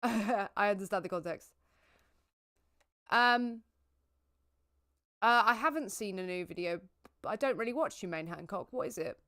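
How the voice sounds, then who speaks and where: A woman's voice: mid-range voice, moderate pace, long pauses, a bit bright. A woman streamer reacting to a debate while gaming, blurting out exclamations and swearing, then arguing back at the speakers.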